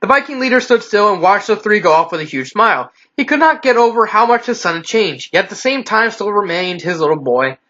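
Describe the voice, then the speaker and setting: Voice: medium pitch, expressive, a little fast, hardly any pauses, pushed and bright. A fan reader reading a story aloud in a casual way, often stumbling and correcting themselves, over a dull lo-fi recording.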